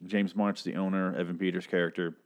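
A man's voice: deep voice, flat delivery, brisk. A man casually recapping and reviewing a TV episode, blunt and profane, rambling with frequent restarts.

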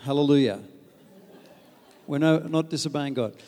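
A man preaching a lively, humorous sermon on marriage, acting out quoted asides. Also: fairly high pitch, moderate pace, big-room sound. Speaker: pastor.

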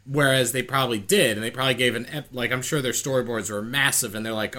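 Podcast guy, bright sharp voice, rambles and restarts a lot. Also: mid-range voice, quick pace, hardly any pauses. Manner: rambling, thinking aloud with many restarts. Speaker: podcast co-host. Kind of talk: casual chat.

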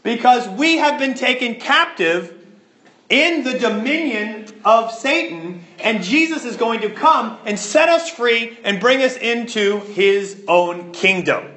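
A man preaching a sermon as pastor, emphatic and animated, repeating words to stress a point. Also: very high voice, slow pace, roomy sound.

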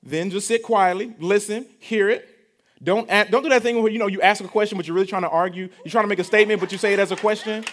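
A man's voice: high-pitched, steady tone, fast. A young adult man, preaching a sermon in a conversational style, repeating phrases and asking the congregation questions. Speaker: pastor.

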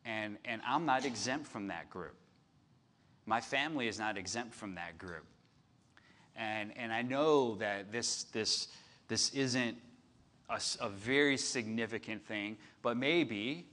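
A man preaching a sermon, reading scripture loudly and then dropping to a soft, confiding tone. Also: medium pitch, measured pace. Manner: animated, swings from loud reading to soft confiding. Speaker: pastor. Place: outdoor patio church service.

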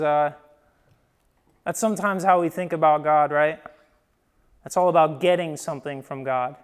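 A young male preacher from Ohio delivers his sermon like a story told to friends. His voice sits high and sounds smooth and resonant. He punctuates points with "right?" and moves between emphatic swells and hushed drops. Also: steady tone, normal speed, pauses often. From Midwest US, Ohio. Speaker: pastor.

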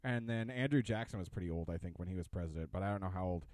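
A man's voice: deep voice, very fast, dry recording. Joking young man, dry close sound. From Irish heritage. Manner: joking, rambling, animated asides. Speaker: podcast co-host. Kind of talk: casual chat.

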